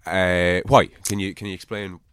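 A man's voice: sits low, little pitch movement, normal speed, a bit bright, smooth, no room sound, clean studio sound. A man with an Irish accent hosting a casual podcast, probing his guest with chatty questions and casual swearing. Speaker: podcast host.

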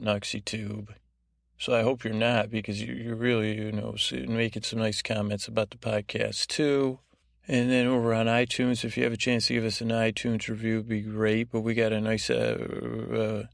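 A man hosting a podcast for falling asleep, rambling along in a low-key way with lots of fillers and restarts. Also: creaky, no room sound, studio quality. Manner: meandering, full of fillers and restarts; unhurried, low-key delivery. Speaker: podcast host. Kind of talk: rambling monologue to help listeners sleep.

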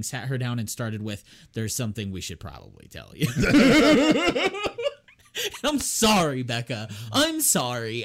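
A man in casual chat, rambling through a story about his partner's pregnancy, laughing often and doing his friends' voices. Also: lowish voice. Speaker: expecting father telling a story.

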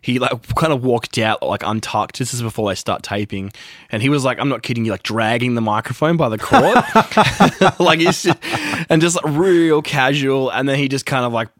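Man, mid pitch, chatty storyteller, dry close sound. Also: expressive, a little fast, a bit bright, no echo. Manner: rambling storyteller, many fillers, acts out quotes. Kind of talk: casual chat.

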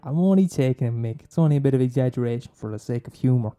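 A man's voice: medium pitch, quick pace, mellow. An Irish man hosting a podcast, rambling in a casual monologue, swearing, laughing and teasing his listeners. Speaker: podcast host recommending films.

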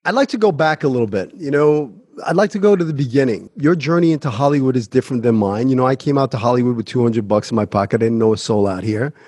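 A man hosting an interview, asking questions in a relaxed, reflective way. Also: mid-range voice, quick pace, few pauses, no echo, clean studio sound. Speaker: interviewer host.

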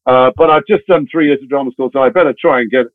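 Fast-talking man on a tinny line. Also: medium pitch, no echo. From England. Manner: chatty, many restarts and wry asides. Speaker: guest actor. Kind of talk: anecdotal interview storytelling. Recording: tinny phone-like dry sound.

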